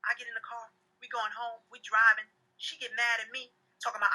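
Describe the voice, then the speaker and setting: A man in his forties performing a stand-up comedy set, telling animated stories and acting out dialogue loudly. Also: very high-pitched, quick pace. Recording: phone-like audio.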